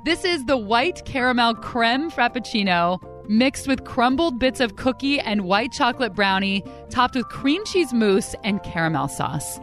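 A woman hosting a podcast, telling stories in an upbeat, chatty, animated way. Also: a little high, a little slow, hardly any pauses, faint music behind. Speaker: podcast host. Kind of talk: casual storytelling narration.

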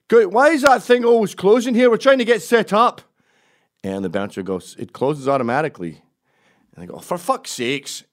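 Man, low voice, middle-aged, from canada, lively storyteller who breaks into silly high voices. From Canada, raised in Quebec. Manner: animated, jumps into high put-on voices, laughs mid-sentence. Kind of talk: storytelling monologue.

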